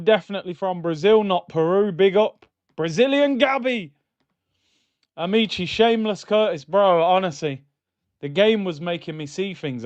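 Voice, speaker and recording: Male watchalong host, fired-up match banter, a bit high, slightly muffled dry mic. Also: smooth, dry recording. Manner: excitable, banter-heavy, shouts at goals. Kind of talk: live match watchalong commentary.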